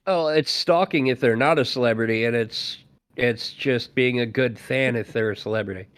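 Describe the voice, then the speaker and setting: A man's voice: mid-range voice, moderate pace, fairly bright tone, clean tone. A man hosting a podcast, chatting casually and riffing sarcastically. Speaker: podcast host. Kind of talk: casual chat.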